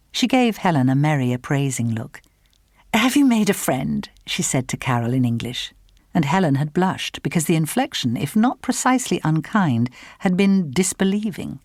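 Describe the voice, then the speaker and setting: An audiobook narrator with a low female voice reads scripted literary prose from a novel. Her storytelling is measured and even, recorded at studio quality with no room sound.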